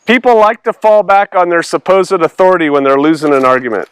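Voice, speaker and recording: A man's voice: sits high, expressive, moderate pace, a bit bright, smooth. A male pastor teaching through a Bible passage in a conversational way, acting out the dialogue with sarcastic voices and laughter.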